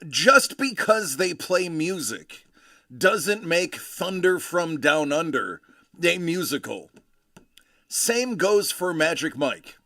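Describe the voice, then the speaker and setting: A man hosts a casual livestream, his bright, forward voice swooping up and down as he jokes and greets viewers by name. He sits a touch high for a man, and the sound is dry and close. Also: no room sound. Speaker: livestream host.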